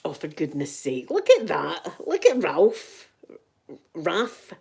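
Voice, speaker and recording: A woman's voice: fairly low pitch, huge pitch swings, takes it slowly, vocal fry, darkish tone, slightly rough. A middle-aged Scottish woman telling rambling, dramatic anecdotes in casual chat as a channel host. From Scotland.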